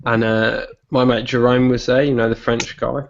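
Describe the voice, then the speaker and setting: A man's voice: mid-range voice, flat delivery, normal speed, creaky. Chatty British man hosting a chat. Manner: chatty, rambling anecdotes with frequent fillers. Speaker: podcast host. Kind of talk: casual chat. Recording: slightly dull with faint noise.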